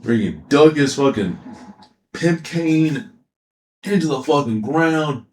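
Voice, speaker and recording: A man's voice: fairly high pitch, slow, roomy sound, a little hiss or hum. A man casually ranting about an anime, retelling scenes with swearing and laughter. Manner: animated, profane, laughing storytelling. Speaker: anime commentator.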